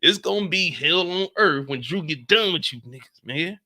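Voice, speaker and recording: Animated high-voiced male stream host. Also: normal speed. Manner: animated, repeats lines, acts out quotes. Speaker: live-stream reaction host. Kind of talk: casual live reaction commentary.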